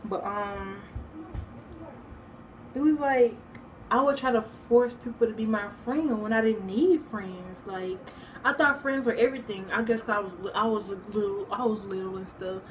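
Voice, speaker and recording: At a moderate pace and medium pitch, a young woman chats casually for her personal vlog. Her talk wanders with many fillers and false starts, over a faint hiss or hum.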